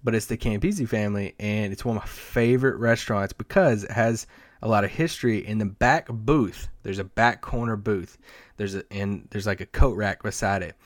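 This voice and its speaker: A man's voice: lowish voice, moderate pace, no room sound, clean studio sound. A man co-hosting a casual sports podcast, telling loose, rambling stories with lots of fillers and restarts. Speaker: podcast co-host, team site editor. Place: Dallas area.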